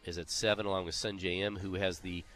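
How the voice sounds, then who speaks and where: Deep, bright-toned man chatting golf. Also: level tone, fast talker. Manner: runs down leaderboard, conversational with fillers. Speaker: co-host. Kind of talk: casual golf chat.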